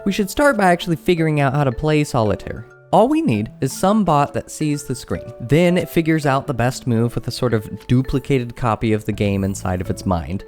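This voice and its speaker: A young YouTube creator with a medium-pitched voice narrates a comedic tech vlog. He's animated, exclaiming and bantering with himself, while faint music plays behind him.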